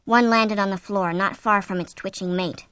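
A woman reading a horror novel aloud as an audiobook, with an expressive, suspenseful delivery on a close mic. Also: medium pitch, normal speed, clear, resonant tone, dry recording. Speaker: audiobook narrator. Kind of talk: scripted narration of a horror novel.

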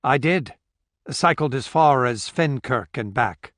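A man voicing a polite, reserved male guest who speaks in a courteous, measured way, in an audiobook. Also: medium pitch, lively intonation, a bit bright, no room sound, studio quality.

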